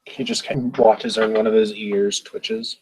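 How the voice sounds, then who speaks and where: Gravelly, husky man at a game table. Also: lowish voice, very animated, moderate pace, a little mellow, low-quality recording. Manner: hesitant, self-correcting. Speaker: tabletop player. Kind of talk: narrating his character in role-play.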